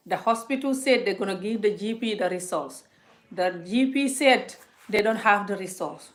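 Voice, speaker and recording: A woman's voice: mid-range voice, normal speed. Chatty woman telling a story to viewers. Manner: chatty, talks a lot; animated retelling, often addresses viewers. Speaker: vlogger on a live stream. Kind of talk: casual storytelling chat.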